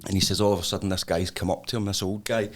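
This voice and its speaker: A man with a Scottish accent, co-hosting a podcast and telling stories in a studio, his voice leaping up high when he gets excited. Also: rapid-fire. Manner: animated storyteller, voice jumps up high when excited. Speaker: podcast co-host. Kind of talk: casual chat, storytelling.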